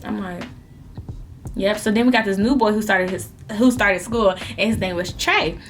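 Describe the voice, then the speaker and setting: A young woman vlogger telling a story in an animated, melodramatic way while eating, in a casual storytime chat. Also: mid-range voice, moderate pace, slight background noise.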